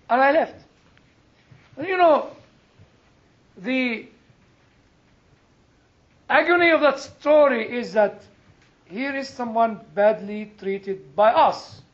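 A man, a chaplain, giving an earnest sermon and telling personal stories, leaning hard on some words and letting quieter phrases trail off. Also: very high-pitched, slow pace, pauses often. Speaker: chaplain and preacher. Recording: dull lo-fi recording.

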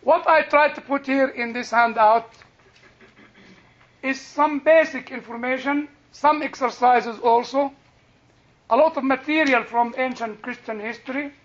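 An older man with a husky yet strikingly high voice gives a slow, unhurried church lesson to a class, leaning on each phrase for emphasis. The recording sounds dull and lo-fi. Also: fairly bright tone. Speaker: Christian teacher. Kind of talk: lecture to a class.

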